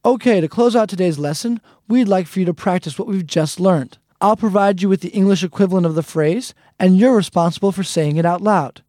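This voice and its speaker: A man's voice: sits high, a little fast, hardly any pauses, dark tone, no echo. A man hosting a recorded language lesson, explaining phrases patiently and breaking them down step by step into a close microphone. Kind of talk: scripted lesson instruction.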